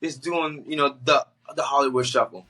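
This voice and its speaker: A young man from the Boston area tells a long personal story as a podcast guest. His voice is bright and forward at a middle pitch. He talks casually and loosely, with slang, and keeps slipping into the voices of the people he quotes. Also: normal speed. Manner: animated storyteller acting out quotes with slang and laughs. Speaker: guest, actor.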